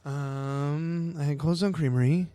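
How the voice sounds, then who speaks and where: A man's voice: a little high, a little slow, no echo. A young adult man co-hosting a podcast, telling stories in casual chat with lots of cursing and animation. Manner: profane, animated storytelling. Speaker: podcast co-host.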